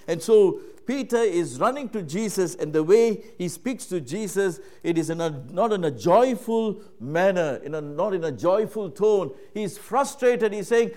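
A man preaching a sermon in a conversational way, full of "you know" and "right?", moving from hushed low talk to loud, raised passages. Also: animated, a little slow, hardly any pauses.

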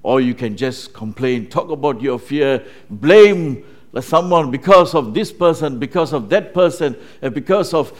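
A man's voice: medium pitch, expressive, a little slow. A man preaching a sermon in a conversational way, often checking in with his listeners. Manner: conversational, with frequent tag questions.

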